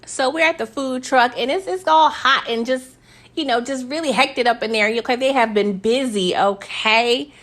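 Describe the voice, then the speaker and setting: A woman's voice: on the high side, normal speed, a bit bright. A woman casually recapping a TV episode in a chatty, slangy way, often tacking on "okay?" and laughing between points. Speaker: TV recap host.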